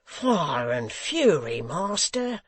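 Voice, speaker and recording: A man voicing a rough, impetuous young rioter who shouts loudly, with a gravelly edge. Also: a little high, sing-song, measured pace. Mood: angry.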